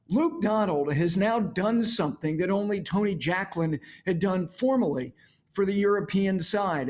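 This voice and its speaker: A middle-aged man hosts a golf talk show in a fairly high voice. He delivers a studio monologue with emphasis, repeating words to drive each point home. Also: darkish tone.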